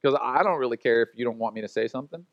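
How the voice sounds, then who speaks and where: A man's voice: medium pitch, very fast, no echo, dull audio. A man preaching as a pastor in a casual, conversational way, acting out quotes and laughing at his own stories. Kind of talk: sermon.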